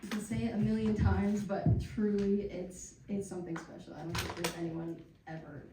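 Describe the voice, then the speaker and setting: A woman's voice: medium pitch, level tone, normal speed. A woman friend giving an earnest tribute to the graduate. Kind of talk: heartfelt casual speech. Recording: echoey room, from far off, noisy.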